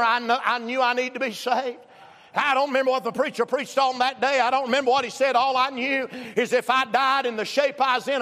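A man preaches with a strikingly high, bright voice, his words laced with "uh" and rising into shouts. The sermon rings out through the long reverb of a church hall. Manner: fervent, frequent "uh" fillers, bursts of shouting. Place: church sanctuary.

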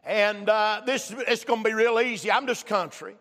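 Preacher guy, real high voice, shouting sermon in a big echoey church. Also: fairly even intonation, moderate pace. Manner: fervent, frequent "uh" fillers, bursts of shouting. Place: church sanctuary.

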